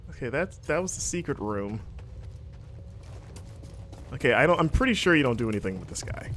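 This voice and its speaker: A man talks through a video game on a livestream, narrating each move and cracking jokes with his co-hosts. His voice swings up and down with lively intonation, and faint noise sits behind him. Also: mid-range voice, fairly quick. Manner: joking, chatty, narrates his play. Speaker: game-playing host. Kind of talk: casual livestream gameplay commentary.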